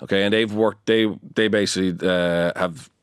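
Deep-voiced man talking in lively bursts. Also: moderate pace, clean tone, no room sound, studio quality. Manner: animated, many restarts and fillers. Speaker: guest, performance consultant. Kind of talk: conversational interview.

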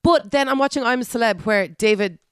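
A woman's voice: a little high, fairly quick, a bit bright. A woman co-hosting a radio show, chatty and questioning in casual banter. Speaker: radio co-host.

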